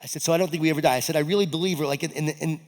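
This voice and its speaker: A man delivers a motivational keynote from a stage, his voice sitting somewhat high. He tells a story with animation, acting out his own remarks, and his words ring with the long reverb of a large event hall. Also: rapid-fire. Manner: animated, acts out his own quoted lines. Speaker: keynote speaker.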